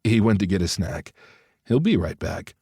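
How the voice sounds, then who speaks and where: A man voicing a soft-spoken bashful lover. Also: low voice, big pitch swings, normal speed, gravelly, husky, dry recording, clean studio sound, heavily acted. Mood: shy. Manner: soft, hesitant, subdued. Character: gentle, bashful grown man in love.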